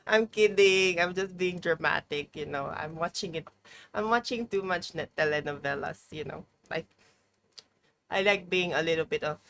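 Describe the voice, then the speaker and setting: A woman's voice: on the low side, a bit bright, a little hiss or hum. A young woman chatting casually on a live stream, playful and mock-dramatic, swearing freely, from a room at home with a heater running. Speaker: livestreamer.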